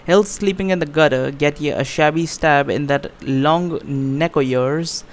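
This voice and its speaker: Gruff one-eyed halfling woman, read by a guy, clipped rough talk, smooth clear voice. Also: on the high side, moderate pace, lightly acted. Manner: terse, rough dialect speech.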